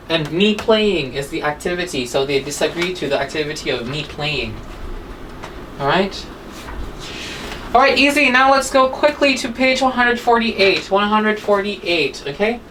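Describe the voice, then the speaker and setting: A woman's voice: medium pitch, recorded from a distance, slight background noise, poor audio. A woman teaching an English exam-prep class, explaining word forms and checking in with "right?" and "okay?" after nearly every point.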